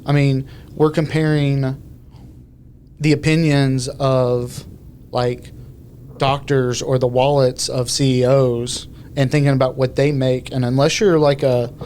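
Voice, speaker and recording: A man's voice: mid-range voice, little pitch movement, a little slow, a little mellow, slight background noise. A man, co-hosting a podcast in casual, rambling talk full of fillers. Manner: rambling, loose sentences with many fillers. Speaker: podcast co-host.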